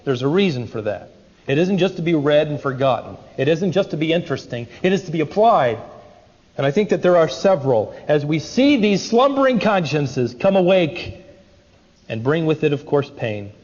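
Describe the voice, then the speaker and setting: A man's voice: fairly high pitch, very animated, normal speed, a little mellow, long reverb tail, muffled recording. A man preaching a sermon, with a dramatic, emphatic delivery. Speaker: pastor.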